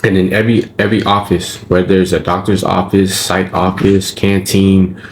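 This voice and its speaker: Deep-voiced and flat in delivery, this man recounts his time behind bars at a moderate pace, using profane street slang. He regularly checks on his listener with "right?" and "you feel me?" while slight background noise runs underneath.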